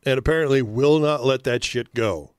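A man's voice: mid-range voice, normal speed, smooth, no room sound, clean studio sound. A man co-hosting a comic book podcast, joking and swearing in loose banter. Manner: joking, profane, does silly voices. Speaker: podcast co-host. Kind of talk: casual banter.

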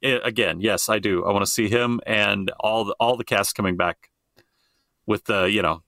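A rambling middle-aged man chats on a podcast with a lowish, forceful and edgy voice. He swears freely and keeps circling back to restart his thoughts. The sound is dry and close to the mic. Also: fairly even intonation, normal speed, gravelly, dry recording. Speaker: podcast co-host. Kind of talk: casual chat.

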